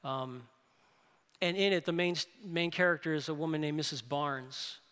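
A man preaching a sermon as pastor, earnest, often closing a point with a quick "right?". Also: fairly high pitch, a bit bright, clear, resonant tone, in a large hall.

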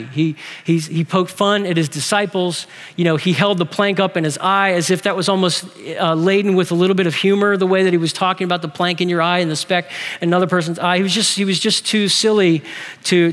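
A man in his forties preaching from the pulpit, his voice sitting high for a man and carrying a long reverb through the sanctuary. He talks with humor, asks the congregation questions and keeps the tone lively. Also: a little fast. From Texas. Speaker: pastor. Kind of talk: sermon.

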